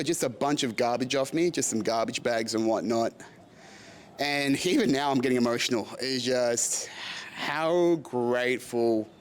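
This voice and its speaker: A man's voice: mid-range voice, a little hiss or hum. A man, hosting his own podcast in a candid, confessional monologue that rambles and swears freely. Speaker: podcast host. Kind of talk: candid personal vlog monologue.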